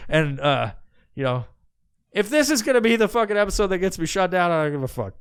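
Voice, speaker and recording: A man's voice: sits high, sing-song, brisk, smooth. A man hosting a podcast, delivering a crude, mocking rant full of swearing. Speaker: podcast host. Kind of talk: profane ranting podcast monologue.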